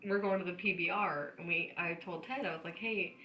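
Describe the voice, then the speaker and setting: A woman's voice: lowish voice, fairly quick, lo-fi sound, a little hiss or hum. A woman, co-hosting a podcast and telling funny stories with lots of laughter. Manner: animated, laughing storyteller. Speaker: podcast co-host. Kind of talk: casual chat, storytelling. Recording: roomy echo.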